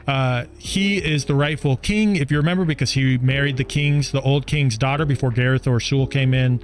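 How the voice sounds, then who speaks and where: A man co-hosting a book review podcast, recapping the plot in a brisk, plainspoken way and pushing the talk along. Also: medium pitch. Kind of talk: casual chat recapping a book.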